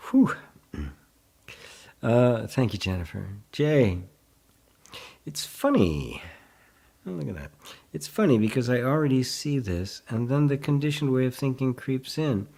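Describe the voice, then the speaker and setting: A man with a husky, slightly breathy voice at an ordinary pitch for a man leads a live online satsang. He speaks gently and unhurriedly, often breaking into soft laughter between thoughts. Now and then he stops to read out and answer comments from viewers. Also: very animated, takes it slowly, long pauses. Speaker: spiritual teacher.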